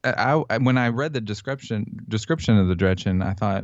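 A man's voice: fairly low pitch, fairly quick, no room sound, lo-fi sound. A man co-hosting a casual fan podcast, chatty and reading out descriptions. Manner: chatty, reads out descriptions, laughs easily. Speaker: podcast co-host.

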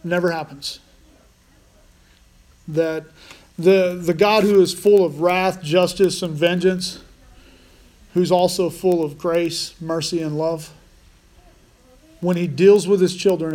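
A man's voice: high-pitched, steady tone, slow, long pauses, darkish tone. A man preaching a conversational sermon as pastor, restarting phrases often.

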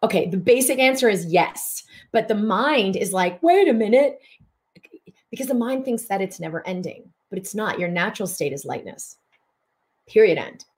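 A woman's voice: mid-range voice, animated, moderate pace. A woman hosting a spiritual healing broadcast, talking in an earnest, flowing way and repeating words for emphasis.

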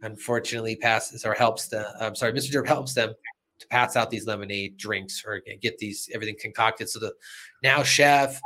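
A man's voice: lowish voice, steady tone, fairly quick, sharp tone. Man, podcast host, casual recap, chatty, laughs a lot. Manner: chatty, laughs often, acts out quotes.

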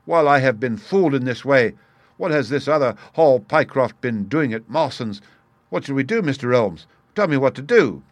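A man's voice: medium pitch, animated, moderate pace, no room sound, voice pushed up, close to an everyday voice. A man voicing an anxious young male clerk who pleads in a raised, agitated voice.

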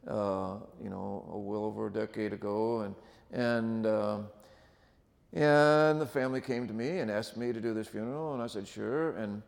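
A man's voice: lowish voice, normal speed, creaky. A man, a pastor, speaking earnestly and reflectively to a congregation. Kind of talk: conversational church talk. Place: large church sanctuary. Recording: church hall reverb.

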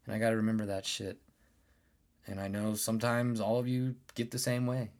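A man's voice: lowish voice, little pitch movement, a little fast, darkish tone. A man in his thirties hosting a podcast, ranting casually and rambling with lots of swearing and restarts. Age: 30s. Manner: profane, rambling, restarts often. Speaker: podcast host. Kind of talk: casual solo podcast rant.

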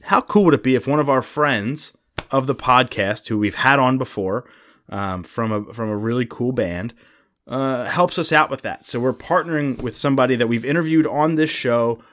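A man co-hosting a podcast in loose, casual chat. His voice sits at an ordinary middle pitch, and he rambles on and chuckles easily. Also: moderate pace, a bit bright. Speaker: podcast co-host.

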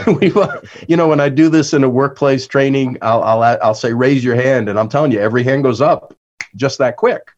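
A man's voice: medium pitch, normal speed, highs cut off. A man, an author and workplace trainer, talking as a podcast guest who acts out the lines he quotes.

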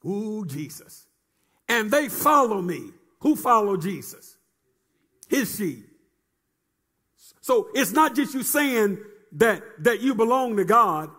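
High-voiced man preaching in sing-song cadence. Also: very animated, takes it slowly, pauses often, bright, forceful tone, slightly rough. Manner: repeats phrases and calls for responses from the congregation. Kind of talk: sermon.

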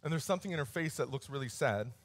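A man's voice: mid-range voice, lively intonation, rapid-fire. A male pastor preaching a sermon in a conversational, storytelling way, his voice lifting and pushing harder on key points.

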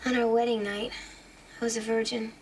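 A woman's voice: on the high side, flat delivery, brisk, a little hiss or hum, lightly acted. Actress as a giggly, oddly confiding young woman. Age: young adult. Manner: chatty, confiding, breaks into giggles. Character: odd young woman on a date, telling a strange story about her marriage. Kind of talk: film dialogue.

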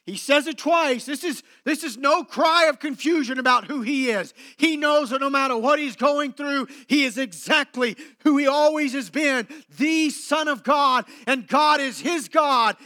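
A man delivering a sermon in a strikingly high, bright voice. He speaks slowly and deliberately, leaving long dramatic pauses. He swings from loud, emphatic declarations to hushed, low passages. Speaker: pastor.

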